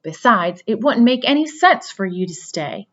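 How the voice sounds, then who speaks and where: A woman reading a storybook aloud, voicing a weak, dying female spider who speaks low and calmly. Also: normal speed, muffled recording. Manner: quiet, low, calm.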